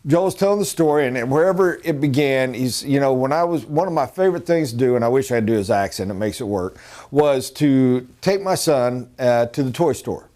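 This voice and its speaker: A man's voice: medium pitch, animated, fairly quick, a little mellow. Rambling earnest male sales trainer. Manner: rambling, earnest motivational talk. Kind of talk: casual training talk.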